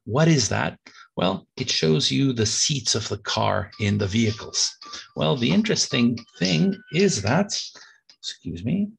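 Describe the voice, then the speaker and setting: A man's voice: medium pitch, big pitch swings, a little slow, vocal fry, breathy edge. A man giving a business lecture in an explanatory way, with frequent fillers. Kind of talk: recorded lecture.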